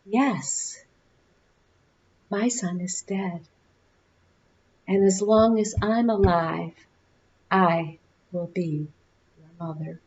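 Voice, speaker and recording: A woman minister voicing a calm, compassionate grieving mother, slow and soft, in a muffled recording. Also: mid-range voice. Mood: tender.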